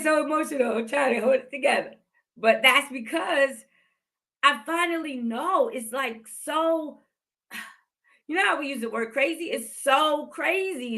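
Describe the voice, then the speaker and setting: Here a woman in her fifties, the host of a podcast, offers sincere motivational talk about faith and says key phrases more than once. Her high voice comes out bright and pushed.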